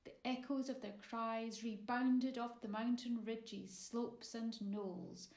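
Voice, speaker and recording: A woman narrating her own children's story in an expressive, measured way. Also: fairly high pitch. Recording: roomy echo.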